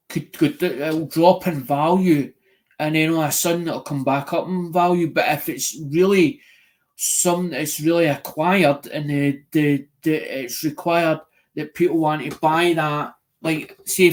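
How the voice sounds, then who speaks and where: Guy rambling away about collecting, voice on the high side, keeps restarting bits. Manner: rambling, repeats and restarts phrases, acts out quoted voices. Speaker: coin collecting YouTuber. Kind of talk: casual chat to viewers.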